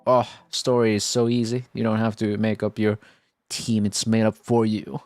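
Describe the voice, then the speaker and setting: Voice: medium pitch, unhurried, no room sound, soft background music. A streamer reading game dialogue aloud and reacting with big laughs. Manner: animated, reads lines and reacts with loud laughs.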